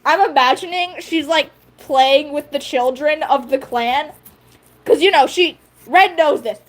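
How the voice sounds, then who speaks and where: A woman's voice: high-pitched, measured pace. A woman streamer chatting casually with her viewers, giggly and rambling, with frequent fillers. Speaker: livestream host. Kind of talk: casual livestream chat.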